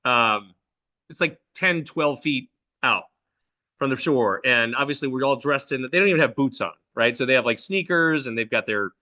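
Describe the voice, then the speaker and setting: A middle-aged man telling a personal story in loose, rambling casual talk, leaping high when he quotes his own alarm. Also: normal speed. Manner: animated, jumps to high pitch quoting his own alarm; loose, rambling, many "like" and "right?" fillers. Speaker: spiritual channeling host.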